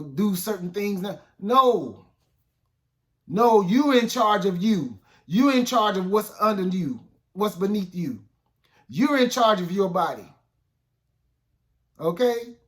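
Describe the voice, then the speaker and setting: A man delivers a casual, talk-style sermon in a notably high-pitched voice. He speaks plainly and directly to his listeners, repeating little check-ins as he makes his points. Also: a bit bright. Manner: conversational, repeats "okay?" and "guess what?". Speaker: minister. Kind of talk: informal spoken sermon.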